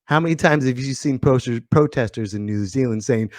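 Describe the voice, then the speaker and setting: A man's voice: mid-range voice, fairly quick, darkish tone, no room sound, studio quality. A man in his thirties hosting a podcast with a goofy, jokey, rambling delivery. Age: 30s. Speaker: podcast host. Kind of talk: casual comedic monologue.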